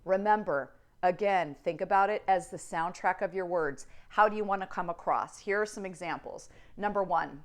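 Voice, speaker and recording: Expressive woman coaching on speaking. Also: on the low side, moderate pace. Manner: expressive, demonstrates tones by switching delivery. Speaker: media coach. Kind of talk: presentation coaching monologue.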